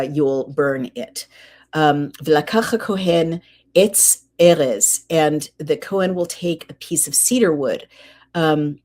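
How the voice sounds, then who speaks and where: A woman hosting a podcast, reading scripture aloud line by line and translating each phrase with casual asides and fillers. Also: low-pitched. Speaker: podcast host. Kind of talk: casual Bible reading and commentary. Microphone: computer mic while screen sharing.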